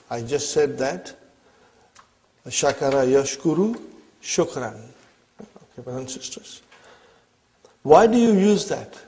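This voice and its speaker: A man's voice: fairly high pitch, darkish tone. A man teaching an Arabic grammar lesson. He explains step by step, repeats his questions and often checks "are you with me?".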